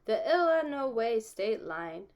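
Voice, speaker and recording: A woman's voice: high voice, expressive, moderate pace, lo-fi sound, voice pushed up. A woman voicing a folksy, teasing old grandfather with a hearty country drawl.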